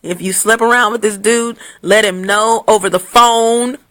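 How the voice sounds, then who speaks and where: A woman's voice: on the high side, fairly even intonation, a little slow, a bit bright. A woman vlogging blunt advice to camera in a casual, scolding way, recorded on her phone. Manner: blunt, scolding, with laughs and restarts. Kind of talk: casual unscripted rant to camera.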